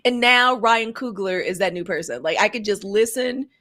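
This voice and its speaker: A woman's voice: medium pitch, moderate pace, sharp tone. Woman, middle-aged, casual chatty podcast co-host, laughs a lot. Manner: chatty, laughs often, uses "girl" and "y'all". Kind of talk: casual chat.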